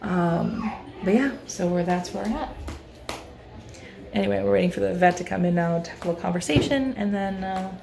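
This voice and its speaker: A woman chatting casually to her camera, her voice sitting in an ordinary middle pitch. She talks in an easygoing, rambling way and sometimes breaks into a high coaxing tone for her dogs. A faint steady noise runs underneath. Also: a little fast, creaky. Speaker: vlogger and pet owner. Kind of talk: casual vlog chat. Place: home, then car and vet office.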